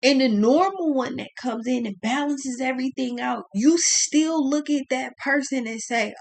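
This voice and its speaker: A woman's voice: a little high, moderate pace. A young woman giving a blunt, profane tarot reading, exclaiming as she turns the cards. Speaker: tarot reader.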